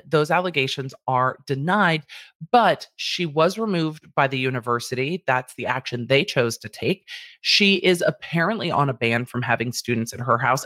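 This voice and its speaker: Animated woman commentator, dry close sound. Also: deep voice, dry recording. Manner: animated, acts out exaggerated quoted voices. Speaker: commentary host. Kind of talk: casual commentary to camera.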